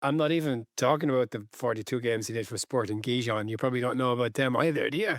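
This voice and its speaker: A man co-hosting a casual football podcast, relaxed and wryly teasing his co-host. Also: medium pitch, fast talker, dry recording, clean studio sound.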